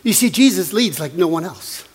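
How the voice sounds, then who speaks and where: A man's voice: high voice, lively intonation, normal speed, husky, big-room sound. A man preaching a sermon as pastor, earnest and conversational, with emphatic repetition.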